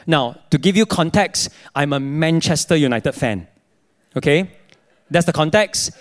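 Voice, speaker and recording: A young adult male pastor, preaching a sermon in an animated storytelling way. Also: a little high, measured pace. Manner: animated storytelling, acting out his own dialogue.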